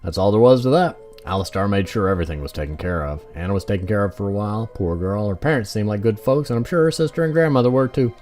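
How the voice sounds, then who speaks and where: A man's voice: on the low side, fast, hardly any pauses, a little mellow, faint music behind, close to an everyday voice. A man voicing a sarcastic male protagonist who narrates his own story in a game. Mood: wry. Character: wary, sarcastic Irish-American man, stubborn.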